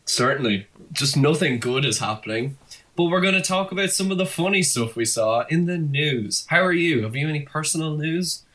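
A man's voice: fairly high pitch, expressive, moderate pace, bright, forceful tone. A man co-hosting a podcast, chatting casually and telling jokes. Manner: jokey, chatty storyteller. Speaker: podcast co-host.

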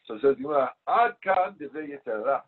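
A slightly high-voiced man leads a Talmud class. He reads a phrase of the text, translates it, and breaks into stories to explain it. His voice is husky, and it comes through a thin, phone-like line. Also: big pitch swings, fairly quick. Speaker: Talmud teacher.

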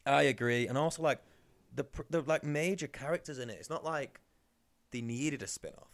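A man's voice: mid-range voice, moderate pace. A man co-hosting a podcast, chatting casually and teasing his co-host with sarcastic asides. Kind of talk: casual chat.

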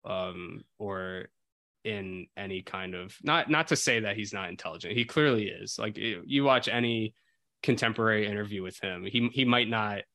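A man's voice: lowish voice, normal speed, sharp tone, no room sound. A man from New Jersey co-hosting a casual film podcast, often stopping to restart his sentences. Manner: hesitant, often restarts and repeats words. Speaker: podcast co-host.

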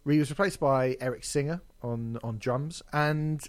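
A man hosting a podcast, telling stories in an animated, swearing, laughing way. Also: mid-range voice, normal speed, clean tone. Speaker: podcast host. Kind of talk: casual chat.

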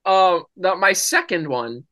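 A man's voice: sits high, lively intonation, a little slow, sharp tone. A man co-hosting a casual podcast, joking and teasing in playful banter with his girlfriend. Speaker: podcast co-host. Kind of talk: casual couple chat.

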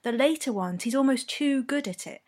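A woman's voice: sits high, animated, normal speed, a little mellow. A woman from South East London co-hosting a casual podcast, trading wry quips and laughing easily. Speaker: podcast co-host. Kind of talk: casual chat.

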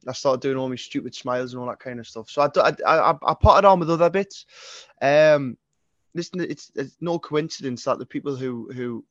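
A man's voice: mid-range voice, moderate pace, no room sound, lo-fi sound. A man in his twenties with a Geordie accent, a singer-songwriter chatting as a guest in a rambling, sweary way. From North East England. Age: 20s. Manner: sweary, rambling, frequent restarts. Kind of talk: casual interview chat.

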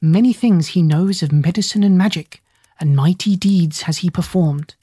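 A reader voicing a parrot who pretends to be a fairy queen, speaking in a small, high voice with slow, solemn, old-fashioned phrasing. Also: warm tone, slightly rough, dry recording, clean studio sound, natural voice. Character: parrot posing as a whispery, grand fairy queen.

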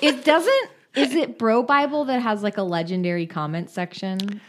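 A woman co-hosting a podcast in casual chat, reacting with quick questions and dry asides. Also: fairly high pitch, slight background noise. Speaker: podcast co-host.

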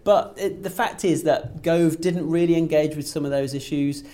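Mellow-voiced man analysing politics. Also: on the high side, steady tone, normal speed. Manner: fluent, repeats words when restarting. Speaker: political commentator. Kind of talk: casual political discussion.

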